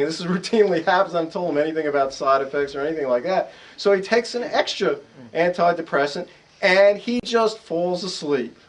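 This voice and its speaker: A middle-aged American man, an author and psychologist, telling animated stories to a live audience in a bookstore and acting out the voices of the people in them. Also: on the high side, rough recording. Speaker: author and psychologist giving a talk. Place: bookstore event room.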